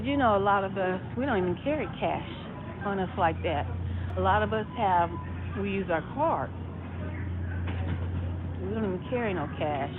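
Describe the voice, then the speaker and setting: A woman talking to her followers on a phone vlog while shopping in a store, rambling and repeating herself as she thinks aloud. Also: mid-range voice. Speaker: vlogger. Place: inside a store. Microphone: phone held while walking. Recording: tinny phone audio in a noisy store.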